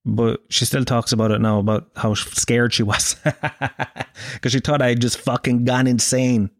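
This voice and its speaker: Irish man, thirties, casual storytelling, swearing, animated, dry close recording. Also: medium pitch, measured pace, no room sound. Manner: profane, animated anecdote with acted-out quotes.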